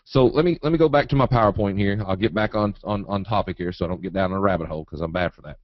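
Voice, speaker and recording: A man teaching a live trading webinar in a folksy, animated way, acting out quotes and chart moves. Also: fairly low pitch, fast, no echo. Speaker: trading educator. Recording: dull, dry webinar audio.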